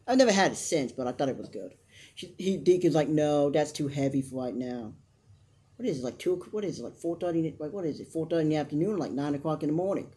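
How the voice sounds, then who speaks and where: Recapping a soap opera in relaxed commentary, this reviewer drifts into tangents, starts sentences over, states frank opinions, and imitates the characters in mocking voices. The voice is mid-pitched, warm, and husky.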